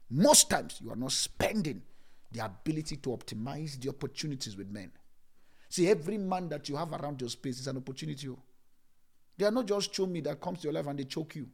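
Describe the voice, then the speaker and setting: A middle-aged man preaching a sermon, repeating phrases and switching between loud bursts and hushed lines. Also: medium pitch, breathy edge. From Nigeria. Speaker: pastor.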